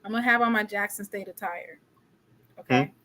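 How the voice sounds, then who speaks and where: Bright-voiced woman hosting a live stream. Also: medium pitch, animated, brisk. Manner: chatty, addresses the live chat directly. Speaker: show host. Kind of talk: casual live-stream chat.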